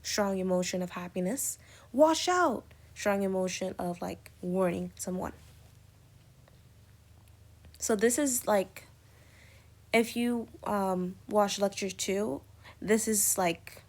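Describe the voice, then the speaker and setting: A woman with a lowish, darkish voice lectures on punctuation in a recorded English lesson. She goes step by step, giving many spoken examples and using fillers.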